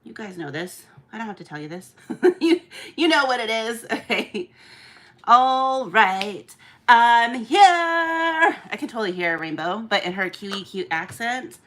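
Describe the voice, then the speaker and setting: A woman's voice: on the high side, sing-song, measured pace, fairly bright tone. A woman hosting a live online auction, chatting casually with viewers and laughing often. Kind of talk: casual live-stream chat.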